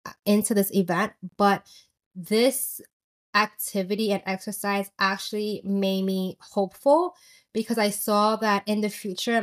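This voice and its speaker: Chatty young woman telling a story. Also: medium pitch. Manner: chatty and candid, with many "like" fillers. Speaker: vlogger telling a personal story. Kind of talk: casual confessional storytelling.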